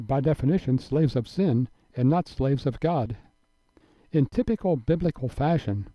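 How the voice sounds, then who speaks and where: A man delivering a scripted radio Bible teaching in a measured, earnest and emphatic manner. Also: mid-range voice, no echo. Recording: dry, dull lo-fi broadcast audio.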